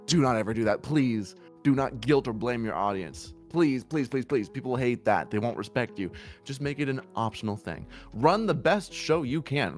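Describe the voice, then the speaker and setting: A man's voice: mid-range voice, expressive, moderate pace, faint music behind. Blunt, emphatic male streamer. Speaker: VTuber streamer. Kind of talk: casual stream chat giving advice.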